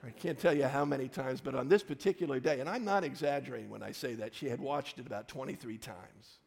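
A male pastor preaches a sermon, his voice rough and gravelly. He tells personal stories in short, punchy phrases. His voice echoes with a long reverb through a church hall. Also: mid-range voice, fast, a little mellow.

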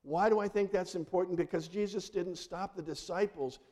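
A middle-aged male pastor giving a sermon, earnest, with dramatic drops into soft, quiet phrases. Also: high voice, normal speed.

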